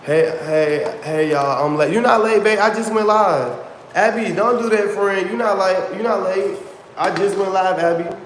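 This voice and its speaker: A man's voice: high voice, moderate pace, reverberant, big-room sound, a little hiss or hum. A man hosting his own livestream in casual chat, talking straight to his viewers and repeating himself often. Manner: chatty, repeats himself, addresses viewers as y'all. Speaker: livestream host.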